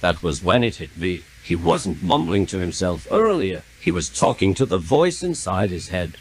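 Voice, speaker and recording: A man narrating a first-person story in an earnest, steady way. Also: low voice, moderate pace, a little hiss or hum. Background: loud music.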